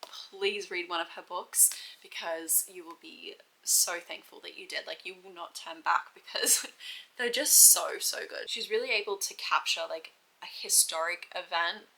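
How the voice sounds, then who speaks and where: Woman, Australian accent, young adult, casual book chat, bright tone, gushing. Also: lowish voice, measured pace, vocal fry, poor audio. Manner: chatty, gushing, laughs often. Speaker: book vlogger.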